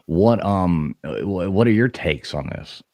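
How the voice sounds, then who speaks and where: A man with a deep voice that swings widely in pitch, hosting a casual live stream. He rambles through his stories with plenty of "you know"s and false starts. The sound is close and dry. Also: expressive, unhurried, darkish tone, no echo. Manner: rambling storytelling, many fillers and restarts. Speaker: host of a live paranormal talk stream. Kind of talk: casual chat.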